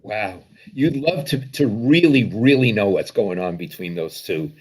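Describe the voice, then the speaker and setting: A man's voice: on the low side, animated, unhurried, slightly rough. A man co-hosting a casual sports talk show, conversational and reacting briefly. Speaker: co-host.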